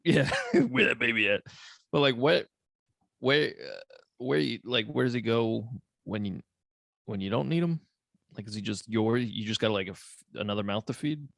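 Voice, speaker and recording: A man's voice: medium pitch, expressive, moderate pace, gravelly, fairly bright tone, no echo, studio quality. A man co-hosting a podcast, chatting in a laid-back, rambling way with jokes. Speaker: podcast co-host. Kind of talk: casual chat.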